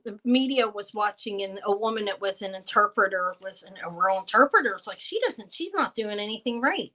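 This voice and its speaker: A woman in her fifties runs a live jewelry sale in a loose, rambling way. She drifts between describing necklaces and chatting with her viewers, thanking them as she goes. Her pitch sits in an ordinary middle range. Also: sharp tone. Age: 50s. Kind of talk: casual live-stream sales chat.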